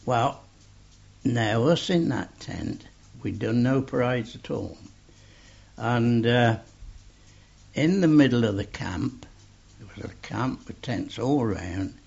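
An older man slowly telling an oral history story, full of fillers and a gravelly voice. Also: mid-range voice, lively intonation, a little mellow. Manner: slow rambling storytelling with many fillers. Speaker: interviewee. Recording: dull lo-fi tape recording.

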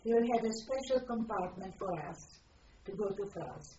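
An older woman from Poland, giving personal testimony in a reflective, halting way as she searches for words. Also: medium pitch, warm tone, slight background noise. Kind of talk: personal testimony, recalled aloud. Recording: distant roomy lo-fi recording.

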